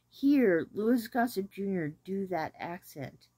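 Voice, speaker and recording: A woman hosting a casual talk about an old film, rambling and hesitant with many pauses. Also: mid-range voice, animated, mellow, breathy edge, dry recording. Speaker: host reviewing an 80s film. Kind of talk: casual chat.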